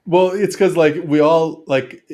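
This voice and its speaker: A man's voice: a little high, fairly even intonation, unhurried, a little mellow. A man from Montreal, a guest on a podcast, talking earnestly and rambling, with lots of "like" and "you know". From Montreal, Canada. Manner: rambling, filler-heavy, earnest. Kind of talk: casual podcast chat.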